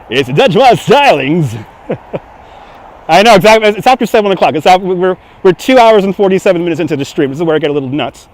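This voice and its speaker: A man with a Brooklyn accent hosting a walking city livestream, loud and joking, laughing often as he talks to his chat. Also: high-pitched, quick pace. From Brooklyn, New York. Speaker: livestream host. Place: city streets outdoors. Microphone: handheld phone on gimbal.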